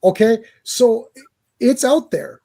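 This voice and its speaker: Male podcast host, husky voice, animated storyteller who restarts often. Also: extremely high pitch, slow pace. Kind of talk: casual chat.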